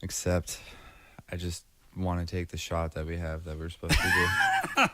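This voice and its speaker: A man's voice: low voice, level tone, normal speed, sharp tone. A man co-hosting a podcast in casual chat, crude and joking. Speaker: podcast co-host.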